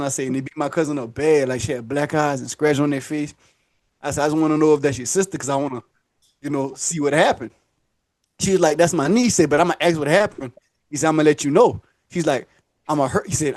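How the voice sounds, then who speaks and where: A man's voice: on the high side, a little mellow, dry recording. A man telling a long story casually on a podcast, acting out the voices and laughing often.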